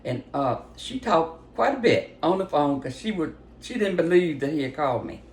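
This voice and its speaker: An older woman giving a casual spoken testimony, retelling a phone call with lively acted-out voices and big jumps in pitch. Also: moderate pace. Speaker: storyteller giving a personal testimony. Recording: roomy echo with faint background noise.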